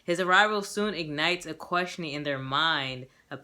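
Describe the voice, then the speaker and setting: A young woman with a bright, crisp voice chats her way through a movie review. She rambles happily, laughs easily and acts out her own reactions as she gushes. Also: sits low, normal speed. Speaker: movie reviewer and self-published author. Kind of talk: casual movie review vlog.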